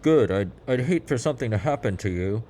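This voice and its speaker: A man voicing a mocking fisherman crewman who shouts taunts from a boat. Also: medium pitch, lively intonation, fairly quick, slight background noise, pitched above the performer's own voice, lightly acted. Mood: concerned.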